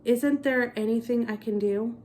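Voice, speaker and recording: A woman voicing a grumpy but earnest male bear, gruff and blurting, in a read-aloud storybook. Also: fairly high pitch, normal speed, darkish tone, a little hiss or hum, lightly acted.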